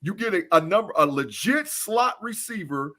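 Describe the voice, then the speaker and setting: A man's voice: high voice, lively intonation, moderate pace, pushed and bright. A man, a guest on a remote call, talking emphatically in casual chat and chuckling as he repeats phrases.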